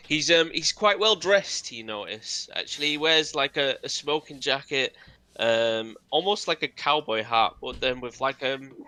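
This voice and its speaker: A man's voice: medium pitch, sharp tone. A man running a tabletop role-playing game as game master, narrating in a casual, loose way.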